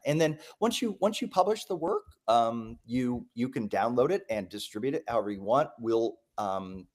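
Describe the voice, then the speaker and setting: A man presenting a live software demo, talking enthusiastically, with lots of ums and restarts. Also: fairly low pitch. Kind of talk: live product demo talk.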